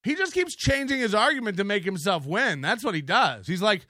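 Casting: male livestream host, high bright voice, profane and mocking, dry close sound. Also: sing-song, fairly quick, no room sound. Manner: profane, mocking, laughs often. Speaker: live show host. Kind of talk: casual livestream commentary.

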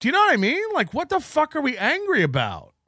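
A middle-aged man hosting his show in a profane, mocking rant that rambles from point to point. His voice rides high and swoops around with a bright edge. It is recorded dry on a close mic. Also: huge pitch swings, quick pace, dry recording. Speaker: podcast host. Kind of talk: casual rant reading chats.

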